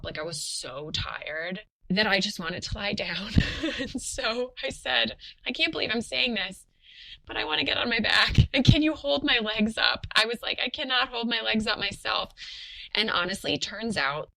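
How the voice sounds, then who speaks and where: Bright low-voiced woman telling a story. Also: rough recording. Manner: animated, chatty, many "like" fillers, laughs while telling. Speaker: podcast guest telling her birth story. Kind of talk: casual storytelling.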